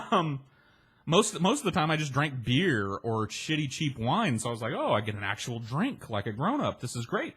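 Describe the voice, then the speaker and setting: A man's voice: medium pitch, sing-song, normal speed, a bit bright, slightly rough. A man telling a long, rambling personal story in casual speech, with restarts and swearing, slipping into other people's voices. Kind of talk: casual spoken anecdote.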